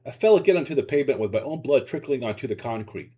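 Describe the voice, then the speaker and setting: A man reading his own short story aloud in an expressive, dramatic narration. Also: mid-range voice, fast talker, husky.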